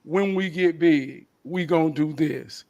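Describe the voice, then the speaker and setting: A man's voice: fairly high pitch, unhurried, darkish tone. A man who is a guest on a podcast, speaking earnestly in motivational slogans. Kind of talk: casual chat.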